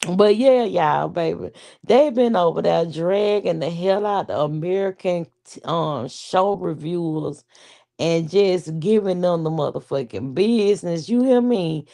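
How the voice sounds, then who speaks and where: A woman livestream host chats casually with her viewers, swearing freely and breaking into laughter often. Her voice sits on the low side and stays animated throughout. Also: slow pace, creaky. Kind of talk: casual chat.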